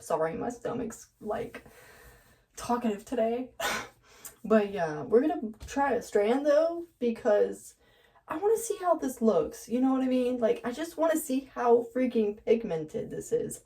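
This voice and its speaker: Woman vlogger, jittery and giggly, slow easy delivery, slightly high voice, heard from a distance in a home bathroom. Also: mellow. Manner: nervous and giggly, laughs often. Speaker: beauty vlogger. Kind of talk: casual vlog chat. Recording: distant from the mic.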